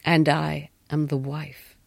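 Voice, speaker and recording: A woman voicing a proud, bitter, secluded wife with a Caribbean accent, speaking low and quietly. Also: flat delivery, slow, creaky, no room sound, full character voice.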